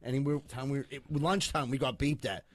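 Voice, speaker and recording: A man telling a fast, profane story in casual banter among friends. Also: mid-range voice.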